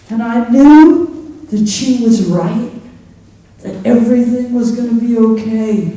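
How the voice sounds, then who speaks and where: A woman's voice: fairly high pitch, mellow. A woman performing a poor young trailer-park mother in a live one-woman theatre monologue, confiding her story and addressing the listener by name. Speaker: stage character. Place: theatre stage. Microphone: distant stage mic. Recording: echoey theatre from far off.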